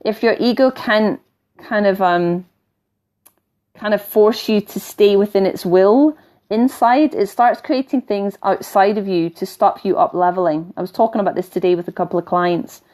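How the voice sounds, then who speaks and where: Her pitch is medium and her pace moderate as this middle-aged spiritual teacher, her Scottish accent softened, coaches viewers on a live stream. She reads their comments, wanders off topic, and laughs frequently.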